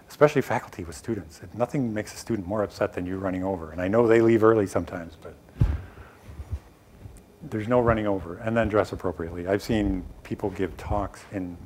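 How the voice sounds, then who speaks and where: A middle-aged man speaking to a small room in a fairly low voice. He gives blunt, emphatic advice in a conversational way, tossing in quick asides as he goes. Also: slight background noise. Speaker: presenter giving a workshop on scientific talks. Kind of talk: live lecture to a small audience.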